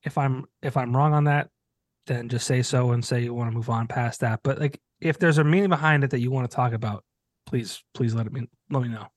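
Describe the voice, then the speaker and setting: A man's voice: mid-range voice, a little fast, no room sound. Hesitant man hosting, dry sound. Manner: hesitant, many restarts, encouraging. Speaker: podcast host. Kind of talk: casual podcast interview.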